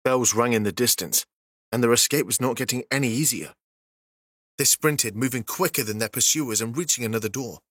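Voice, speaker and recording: A man's voice: medium pitch, a little fast, fairly bright tone, no echo. Man narrating a fantasy audiobook, dry.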